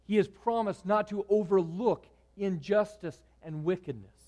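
A man preaching a sermon, moving between loud, emphatic lines and hushed, quiet ones. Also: sits high, moderate pace. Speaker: pastor.

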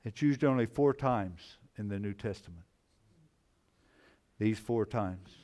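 A man preaching a sermon, slow and emphatic, repeating key phrases and swinging from loud exclamations to hushed, low lines. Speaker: pastor.

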